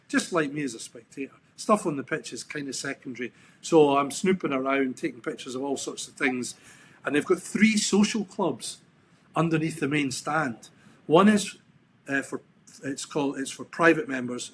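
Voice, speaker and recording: A man's voice: mid-range voice, normal speed, fairly bright tone, a little hiss or hum. A middle-aged Scottish man, a podcast guest, telling stories in a reflective, rambling way with frequent restarts and ums. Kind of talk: casual interview chat.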